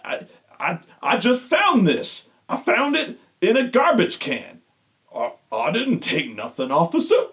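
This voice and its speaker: Guy doing a goofy playing-dumb voice, over the top, high and bouncy. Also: huge pitch swings, measured pace, fairly bright tone, heavily acted. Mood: mock-innocent. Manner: exaggerated mocking drawl. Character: goofy man playing dumb, feigning innocence.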